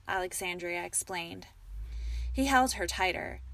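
A woman's voice: mid-range voice, expressive, normal speed, fairly bright tone, no room sound. A woman reading a romantic fantasy story aloud as narrator, lifting her voice for the heroine's lines.

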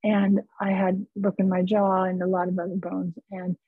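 A woman from California, a psychotherapist guest, telling a personal story in an earnest, unhurried way over a remote call. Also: medium pitch, flat delivery, husky, no room sound. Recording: tinny phone-like line, dry.

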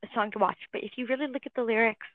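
A woman's voice: a little high, steady tone, very fast, no echo. A young woman co-hosting a casual podcast, bluntly giving songs number ratings. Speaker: podcast co-host. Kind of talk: casual chat reviewing songs. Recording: tinny phone-like line.

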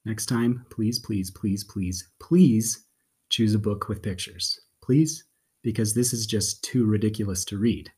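A man's voice: fairly low pitch, fairly even intonation, a little slow, breathy edge. A man, a father and guest on a podcast, reading a picture book aloud in a playful, theatrical way.

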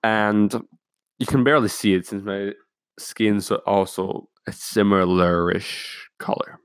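Low-voiced young man rambling profanely. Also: steady tone, slow pace, clean tone, no echo, clean studio sound. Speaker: vlogger. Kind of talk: casual storytelling.

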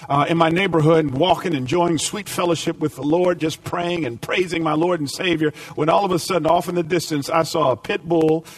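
A man preaching a sermon as pastor, climbing to emphatic points and dropping to a quiet storytelling tone. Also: fairly high pitch, no room sound, far from the mic.

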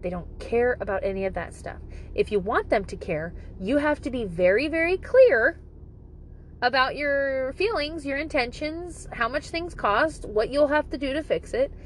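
A woman's voice: sits high, expressive, moderate pace, a little hiss or hum, low-quality recording. A woman talking casually to camera with parenting advice, blunt and profane, joking and exaggerating as she goes.

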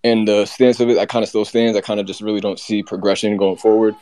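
Fast-talking low-voiced man ranting. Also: little pitch movement, warm tone, no echo. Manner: rapid, heated, run-on ranting. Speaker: co-host. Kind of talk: casual sports rant.

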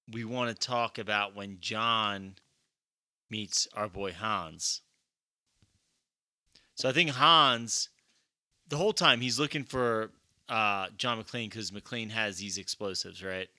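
A man's voice: lowish voice, takes it slowly, long pauses, bright, forceful tone, no echo, clean studio sound. A young man chatting casually about a movie as a podcast co-host, rambling with lots of fillers and swearing freely.

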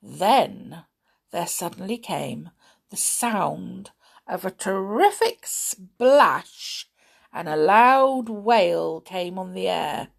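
Slow, expressive woman reading aloud. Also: lowish voice, creaky, breathy edge. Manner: slow, expressive, talking to a child listener. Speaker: storyteller. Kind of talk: reading a children's storybook aloud.

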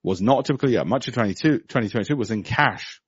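A man's voice: medium pitch, expressive, quick pace, slightly rough, no echo, dull audio. A middle-aged man, giving blunt, sarcastic market commentary on a podcast and mocking others in put-on voices.

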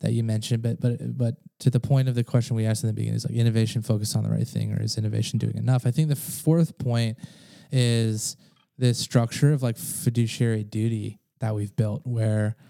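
A man's voice: on the low side, fairly even intonation, brisk, gravelly, warm tone, no room sound. A man hosting a podcast, talking casually, laughing often and swearing freely. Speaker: podcast host. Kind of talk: casual conversation.

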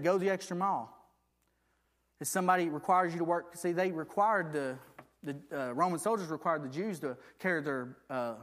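High-voiced man preaching a sermon. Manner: preaching with call-and-response asides, reading scripture aloud.

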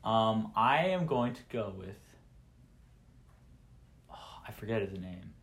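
A young man speaks in a fairly low voice during a relaxed college podcast. He hesitates, pauses and searches for words as he makes up his mind. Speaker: podcast co-host, resident assistant. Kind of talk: casual chat.

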